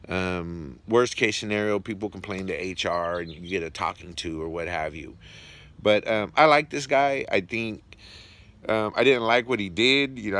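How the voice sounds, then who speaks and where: A man telling a personal work story in a casual, animated way, swearing freely, using street slang and many fillers. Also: mid-range voice.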